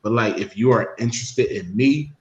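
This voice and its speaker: A man in a casual group conversation who speaks haltingly and restarts his sentences. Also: fairly low pitch, muffled recording. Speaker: discussion participant. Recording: roomy echo with faint noise.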